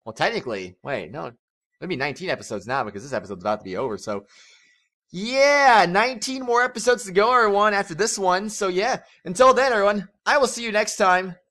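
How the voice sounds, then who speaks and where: Excitable rambling gaming host. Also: male voice, sits high, fairly quick. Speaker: let's play host. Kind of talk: casual game commentary.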